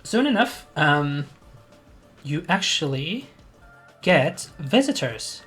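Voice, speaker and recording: A man's voice: on the high side, big pitch swings, slow pace, fairly bright tone, soft background music. A man running a tabletop game as game master, narrating in a rambling way full of fillers while he searches for words.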